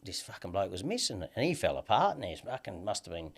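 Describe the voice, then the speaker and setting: A man's voice: deep voice, very animated, fast talker, gravelly, husky. A man in his thirties with an Australian accent, telling a long story as an interview guest in a rambling, sweary way, full of "you know what I mean".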